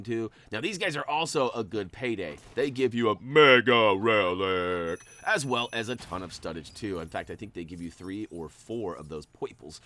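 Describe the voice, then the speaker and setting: A man's voice: fairly low pitch, no room sound. A man giving casual, playful commentary while he plays a video game. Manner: chatty and playful, jumps up in excitement. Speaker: gaming channel host.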